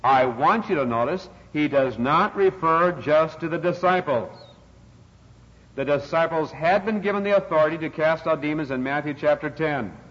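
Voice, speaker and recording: A slightly high, somewhat bright male voice moves at a moderate pace as an older man expounds a sermon. He presses on key words and lifts sharply for scripture quotes, heard through a dull, low-fidelity recording with lingering hall echo.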